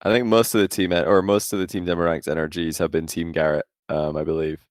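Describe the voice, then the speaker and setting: A man's voice: low-pitched, level tone, fast talker, dry recording, clean studio sound. A man co-hosting a podcast, chatting casually and joking with frequent laughs. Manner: jokey, laughs often. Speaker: podcast co-host. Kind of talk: casual chat.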